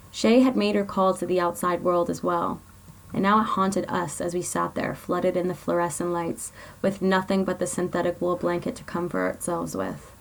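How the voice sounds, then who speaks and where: A woman reads her own story aloud, earnest and confessional. Her voice sits at an ordinary middle pitch. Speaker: blogger. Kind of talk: reading a personal story aloud.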